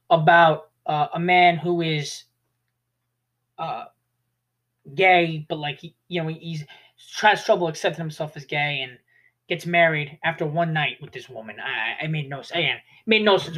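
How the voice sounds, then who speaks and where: Speaking at a moderate pace, this young adult has a medium-pitched, slightly bright voice. Their spoken movie reviews are loose and rambling, sprinkled with "like" and frequent self-corrections.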